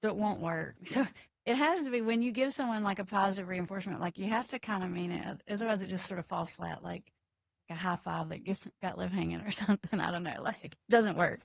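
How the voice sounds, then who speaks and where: A woman with a gravelly, creaky voice speaks as an addiction counselor guest, animated and emphatic. The sound is dry and a bit dull, like lo-fi remote audio. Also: medium pitch, fairly quick, no echo. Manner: animated, emphatic, laughs between points. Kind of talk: casual interview chat.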